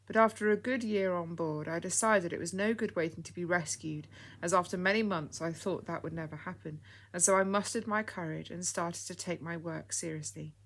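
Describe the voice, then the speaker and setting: A woman reading the lines of a kindly, grateful old lady in an audiobook story, speaking softly and calling the listener dear. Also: lowish voice, a little fast. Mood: fond. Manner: soft, fond, calls people dear.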